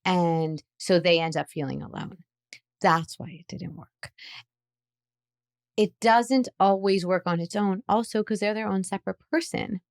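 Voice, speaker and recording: A woman, a psychologist guest on a podcast interview, explaining parenting in an animated way. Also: mid-range voice, measured pace, creaky, no echo, clean studio sound. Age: adult parent. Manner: animated explainer who acts out playful lines.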